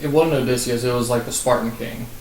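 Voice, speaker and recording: A man's voice: mid-range voice, fairly even intonation, fast, darkish tone, recorded from a distance. A man co-hosting a podcast, casually retelling old myths in a laid-back, irreverent way. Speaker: podcast co-host. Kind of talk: casual chat. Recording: echoey room with faint hiss.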